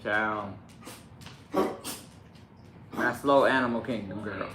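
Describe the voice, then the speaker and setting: Brief: male vlogger, forceful bright voice, profane and animated, echoey room with faint noise. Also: medium pitch, a little slow, long pauses. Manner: animated, profane, sudden loud outbursts. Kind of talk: casual chat to camera. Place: home indoors with pets.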